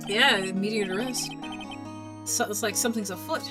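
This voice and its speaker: A woman streamer chatting loudly and jokingly while playing and reading out game dialogue. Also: mid-range voice, moderate pace. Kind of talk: casual gameplay commentary and reading out game dialogue. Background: video game music.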